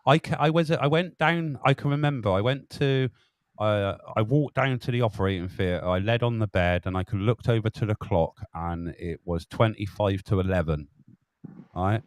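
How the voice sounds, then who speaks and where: A man telling a story in casual chat, animated and laughing as he talks, swearing freely. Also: lowish voice, normal speed, no room sound, clean studio sound. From England. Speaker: protester chatting.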